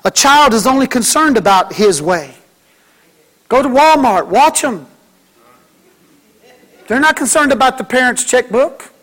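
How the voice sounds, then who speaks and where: A man's voice: very high-pitched, animated, unhurried, long pauses, a bit bright. A man preaching a sermon as pastor, folksy and joking, mimicking kids and church members.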